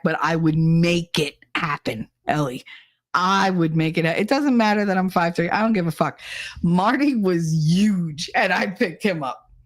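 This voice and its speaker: A middle-aged woman with a somewhat low voice trades stories in easy podcast chat. She is blunt and salty, swearing casually as she talks. She tells her stories with plenty of animation. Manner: blunt and profane, animated storytelling. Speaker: podcast co-host.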